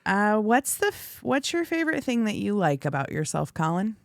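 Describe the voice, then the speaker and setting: A woman's voice: mid-range voice, very animated, moderate pace, gravelly, dry recording, studio quality. A young woman guest-hosting a podcast, asking questions and telling chatty stories. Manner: chatty storyteller, asks questions. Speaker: guest host, interviewer. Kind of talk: casual podcast interview.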